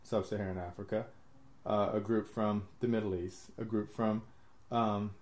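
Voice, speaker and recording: A man with a fairly low, soft, mellow voice hosts a casual podcast conversation. He rambles from one idea to the next, laughs often at himself and swears freely. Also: level tone, normal speed. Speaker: podcast host. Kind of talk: casual chat.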